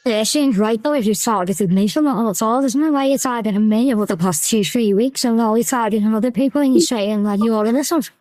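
A woman's voice: on the high side, quick pace, hardly any pauses, a little mellow, no room sound, poor audio. A woman hosting a livestream panel, confrontational as she calls out a guest. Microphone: online call.

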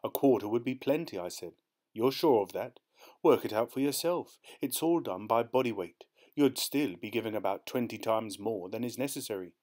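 A man reads a short story aloud as an audiobook narrator, at an ordinary male pitch. He carries the dialogue of both characters himself, nudging his tone for each speaker while keeping a steady storytelling delivery. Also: normal speed.

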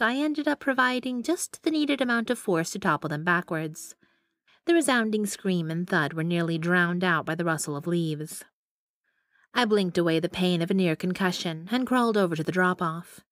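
Young woman reading a steamy romance audiobook, lowish voice, dry close mic. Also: fairly bright tone, no echo. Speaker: audiobook narrator. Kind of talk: first-person romance audiobook narration.

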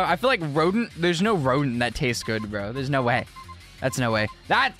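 A man's voice: a little high, expressive, moderate pace, sharp tone, soft background music. A young man streaming a game live and chatting with his viewers, exclaiming often and using casual slang.

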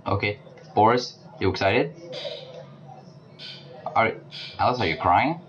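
Gaming guy narrating his playthrough, chats to the characters, yells when things go wrong, noisy hiss behind. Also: lowish voice, animated, slow pace, dull audio. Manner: talks to game characters, bursts into panicked shouting. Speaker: gaming channel host. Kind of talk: let's play commentary. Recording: clear background noise.

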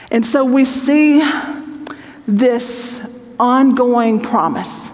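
A woman's voice: fairly high pitch, lively intonation, slow pace, a little mellow, long reverb tail. A woman Bible teacher leading an evening study, who reads scripture aloud and then explains it in a chatty, joking way.

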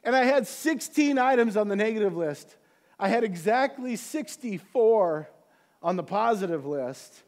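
A man's voice: high voice, expressive, measured pace, a little mellow. A middle-aged man preaching as a church pastor, telling a personal story and building to fervent, earnest exhortation. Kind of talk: sermon.

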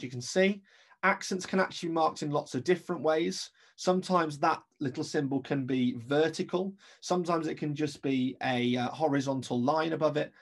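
Gravelly-voiced male music teacher. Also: a little high. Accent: English. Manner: explains step by step, counts beats aloud. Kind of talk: recorded remote lesson.

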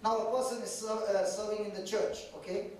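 A high-voiced man delivers a sermon to a church gathering. He speaks in a loose, conversational way and keeps teasing his listeners with direct questions. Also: little pitch movement, brisk, a little mellow. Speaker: preacher. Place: church meeting.

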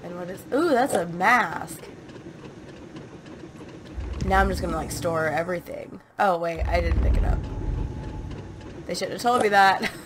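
A woman's voice: fairly low pitch, a little slow, pauses often, noisy background. A woman hosting a let's play, chatting and reading game notes aloud in a self-mocking way. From United States. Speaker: gaming channel host.

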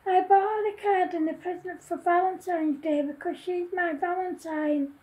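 A woman voicing a sulky, heartbroken little male monster in a storybook reading, speaking slowly and softly. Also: very high voice, fairly even intonation, rough recording. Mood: sad.

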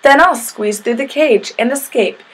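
A shy young boy with a quick imagination, voiced by a woman reading a picture book, speaks a little higher than her usual voice. His replies sound earnest and slightly breathy. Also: a bit bright. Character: timid but clever young boy.

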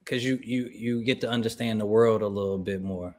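A man, a panelist on a casual game show, talking in a laid-back, low-key way. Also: fairly even intonation, brisk, darkish tone. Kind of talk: casual chat.

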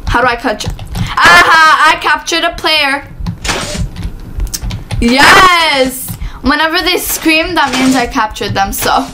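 A woman host giving excitable, casual commentary while playing a video game, with loud keyboard clicks behind. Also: high-pitched, slow pace, long pauses, heavy background noise. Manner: excitable, exclamatory. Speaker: gaming channel host.

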